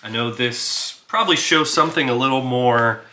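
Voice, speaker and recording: A man's voice: mid-range voice, normal speed, few pauses, sharp tone. A man casually narrating his solo tabletop role-playing game, thinking aloud with filler words and small chuckles.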